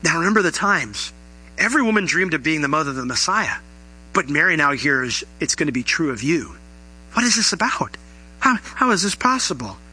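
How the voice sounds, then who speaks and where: A pastor with a high, sharp, husky voice preaches a sermon to his congregation, heard on a rough recording. He's earnest and conversational, posing rhetorical questions to his listeners.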